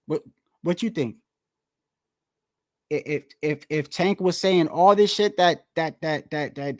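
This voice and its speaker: High-voiced man ranting about boxing. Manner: heated, repetitive, rhetorical questions; profane, slangy. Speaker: boxing commentator. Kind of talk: casual rant to the audience.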